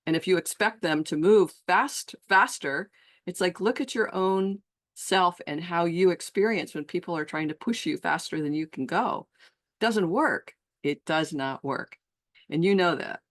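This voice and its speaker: A woman's voice: fairly low pitch, unhurried. A middle-aged woman coach giving a reflective solo talk to fellow coaches, earnest and musing, who slips into the voices of clients. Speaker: transformational coach and trainer.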